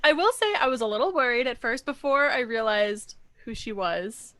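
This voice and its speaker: A woman's voice: fairly high pitch, normal speed, no room sound. A woman co-hosting a podcast in casual movie chat, wry and joking, acting out scenes as she talks. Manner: animated, acts out scenes in quoted voices. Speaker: podcast co-host.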